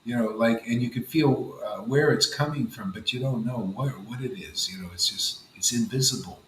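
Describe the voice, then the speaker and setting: A man's voice: mid-range voice, normal speed, fairly bright tone, reverberant, a little hiss or hum, poor audio. A man leading a gathering of devotees, giving an informal devotional talk in a rambling, conversational way full of "you know" and "man". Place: room with a gathered group of listeners.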